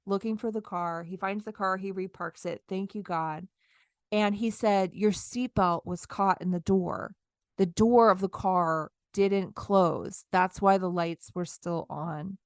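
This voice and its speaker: A woman's voice: on the low side, clear, resonant tone, dry recording, clean studio sound. A woman in her thirties, co-hosting a podcast, telling a story in casual chat and acting out her own lines. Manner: animated, acts out her own lines in quotes. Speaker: podcast co-host.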